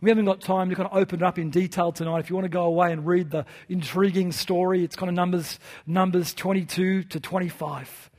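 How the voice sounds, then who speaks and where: A man's voice: high voice, steady tone, fast talker, hardly any pauses, a little mellow. A man preaching to his church in an earnest style, with rhetorical questions and repeated phrases. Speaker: pastor. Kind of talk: sermon.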